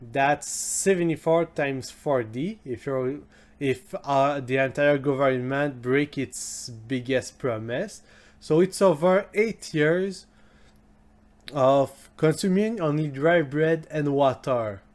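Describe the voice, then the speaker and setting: A man whose first language is French, hosting a history explainer in a casual spoken style and often restarting and correcting himself. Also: mid-range voice. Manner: slow and halting, many restarts and self-corrections. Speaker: history video host.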